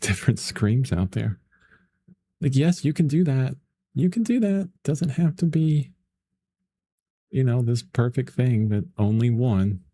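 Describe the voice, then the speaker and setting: A middle-aged man teaching painting in a casual live lesson, rambling, chatty and quick to laugh while he chats with viewers. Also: medium pitch, warm tone. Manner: rambling and chatty, laughs often, lots of fillers. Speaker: painting instructor.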